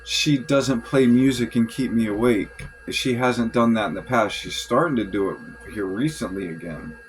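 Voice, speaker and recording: A man's voice: medium pitch, normal speed, soft background music, low-quality recording. A man venting in a rambling, frustrated journal monologue, swearing often and restarting his sentences. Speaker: vlogger.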